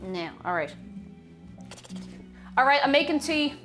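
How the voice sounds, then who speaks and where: A woman talks casually to her chat from her home kitchen as she bakes. Her voice sits fairly high and swings widely in pitch. Faint music plays behind her. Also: unhurried, pauses often. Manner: chatty, reads chat aloud, bursts of excited whoops. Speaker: streamer baking live. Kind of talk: casual live-stream chat.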